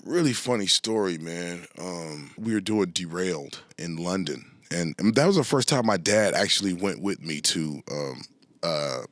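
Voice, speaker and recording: A middle-aged man talking as a podcast guest, telling animated stories, laughing often and swearing freely. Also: deep voice, moderate pace, no room sound. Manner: laughs often, swears freely, repeats "you know what I'm saying". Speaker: guest musician and actor. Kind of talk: animated storytelling in casual chat.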